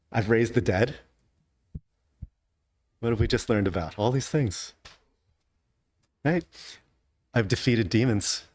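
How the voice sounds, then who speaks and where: A man with a fairly low voice leads an adult Bible class in a relaxed, conversational way, often tossing in rhetorical questions to his listeners. The sound is dry and close, with little room echo. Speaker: Sunday school teacher. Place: church classroom.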